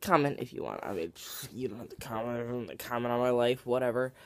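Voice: mid-range voice, fast talker. A young adult vlogger speaks casually to camera at home, worn out but overflowing with feeling. The voice sits mid-height and the sound is dry and close, with no room echo. Sentences tumble out with fillers and restarts. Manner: gushing and emotional, rambling with many fillers and restarts. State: tired and worked up. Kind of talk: casual late-night vlog to camera.

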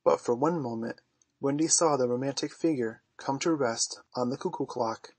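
A man reading a classic children's novel aloud in measured storytelling. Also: mid-range voice, breathy edge, no echo. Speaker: audiobook narrator. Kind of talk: scripted narration of a classic novel.

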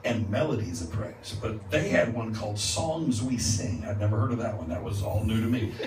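A man preaching a revival sermon as a guest speaker, moving from calm teaching to loud, laughing exclamations. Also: on the low side, moderate pace. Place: church sanctuary. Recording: echoey church, distant mic, noisy. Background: congregation responding.

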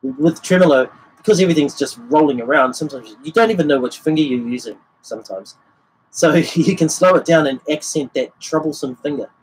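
A man's voice: fairly high pitch, a little fast, a little hiss or hum, low-quality recording. A man giving a casual livestream guitar lesson, explaining the technique and singing rhythms as syllables. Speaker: guitar teacher. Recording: guitar playing behind the voice.

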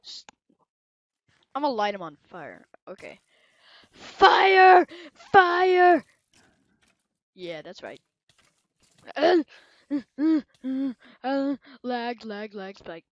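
A woman giving casual commentary while playing a video game, excitable and quick to shout at things on screen. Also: medium pitch, no room sound, muffled recording. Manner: excitable, bursts into yelling at the game. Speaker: gameplay commentator.

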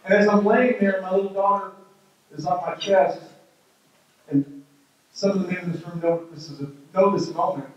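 A man in his thirties tells a comic parenting story as a keynote speaker, acting out the quotes as he goes. His voice sits fairly high and comes from some distance off the mic. The sound bounces around a big, very echoey hall. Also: steady tone, moderate pace, long pauses, lo-fi sound. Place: large hall with an audience. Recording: very echoey hall, heard from afar.

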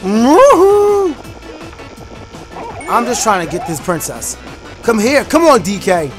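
Animated high-voiced young man gaming. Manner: animated, bursts into shouts and freestyle rapping, fast rambling asides. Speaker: gaming YouTuber. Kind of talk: excited gameplay commentary. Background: game music.

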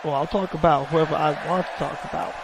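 A man's voice: fairly high pitch, fairly even intonation, fast talker, creaky. A man voicing a proud, defiant female champion wrestler who brushes off her challenger, in a fan wrestling series. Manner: defiant, dismissive. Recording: loud crowd and noise.

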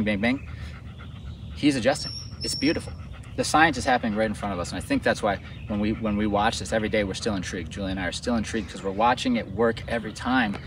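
A man's voice: lowish voice, a bit bright. A man talks through a dog training session with loose, enthusiastic explanations. He stands some distance from the mic outdoors. Faint traffic hums behind him.

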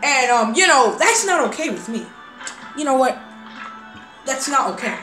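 A woman voicing every character in a game role-play story, hesitant and full of fillers, breaking into excited shouts. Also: sits high, moderate pace. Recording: roomy recording over game music.

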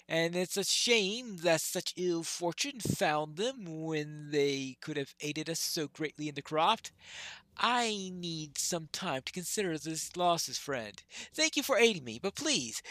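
A game player reading a grave male quest-giver's lines aloud in a plain, unhurried voice. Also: mid-range voice, very animated, fairly bright tone, no echo. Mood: sorrowful. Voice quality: plain read-aloud delivery.

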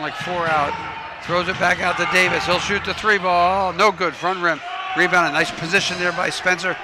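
A man doing play-by-play commentary for a high school basketball game. He calls quick plays and adds coaching asides. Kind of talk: local sports commentary. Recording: noisy gym ambience. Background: game crowd and ball bounces.

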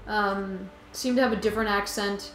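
Relaxed Canadian woman, let's-play co-host, echoey room with faint music. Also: medium pitch, normal speed. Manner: easygoing, agreeable, chatty. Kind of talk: casual gameplay chat.

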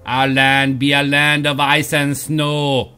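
Man playing a male troll soothsayer, put-on Jamaican-style accent, hammy, loud, slow. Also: completely flat delivery, clean tone, faint music behind. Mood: solemn. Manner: slow, booming, hammy delivery.

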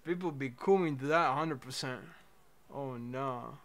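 Slow-talking mocking young male streamer. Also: medium pitch, fairly bright tone. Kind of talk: casual livestream commentary.

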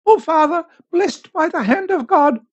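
A man playing a shrill old wise woman. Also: expressive, measured pace. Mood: pleading. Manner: shrill chanting cries. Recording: dry, slightly dull home studio.

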